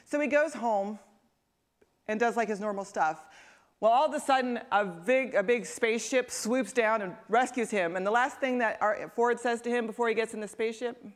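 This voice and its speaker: A woman preaching a sermon in a chatty, conversational way. She asks her listeners questions and waits for their answers. She often drops into a soft, hushed tone to drive a point home. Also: a little high, moderate pace. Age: adult parent. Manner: drops to a soft, quiet tone for emphasis. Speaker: pastor.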